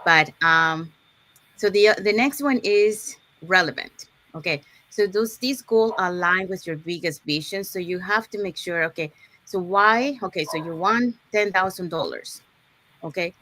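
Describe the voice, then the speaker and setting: A woman's voice: fairly low pitch, measured pace, bright, forceful tone. A woman hosting an online live session, explaining goal setting step by step, with frequent "okay"s and restarts. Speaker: host.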